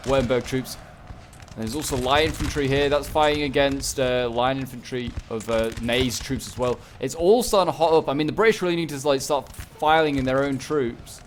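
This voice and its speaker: Guy rambling excitedly over a game battle, mid-pitched, gunfire loud behind him. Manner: chatty, excitable, rambling with fillers. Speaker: gaming channel host. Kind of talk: casual game battle commentary. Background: game gunfire and battle noise.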